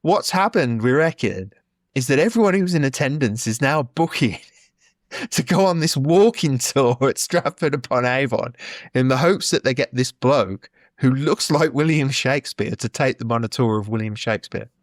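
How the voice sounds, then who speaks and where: A middle-aged man, co-hosting a podcast and telling an animated story with a laugh in his voice. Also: medium pitch, moderate pace, no room sound, studio quality. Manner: chatty, animated, laughs while telling stories. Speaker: podcast co-host. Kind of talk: casual chat, storytelling.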